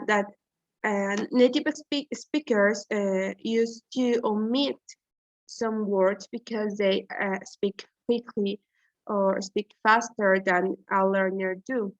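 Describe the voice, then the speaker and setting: Slow, hesitant woman presenting a lesson. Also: medium pitch, no echo. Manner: hesitant, many "uh" fillers and restarts. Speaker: student presenter. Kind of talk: class presentation on pronunciation. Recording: dull, dry lo-fi recording.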